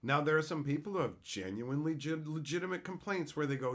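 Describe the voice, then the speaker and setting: Fairly high-pitched and rapid, this man barely pauses as he hosts his live stream. His rant is sarcastic and full of swearing, and he responds to chat throughout.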